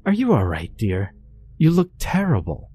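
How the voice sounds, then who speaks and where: A man's voice: mid-range voice, wildly swooping pitch, moderate pace, warm tone, slight background noise, pitched above the performer's own voice. A man voicing a monstrous giant wife in a horror story, sweet and falsely caring. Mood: eerie sweet.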